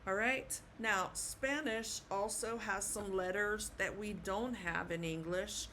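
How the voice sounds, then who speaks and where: A woman giving an online language lesson, slowly spelling out letters and repeating each sound patiently. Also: mid-range voice, fairly bright tone, slight background noise. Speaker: Spanish teacher.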